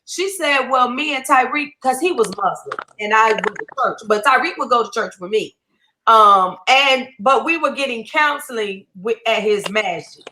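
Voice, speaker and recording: Over a casual online video chat, a woman comedian appearing as a guest tells a story at a moderate pace in a voice on the high side. She's animated, performing the voices in her tale, with slight background noise audible.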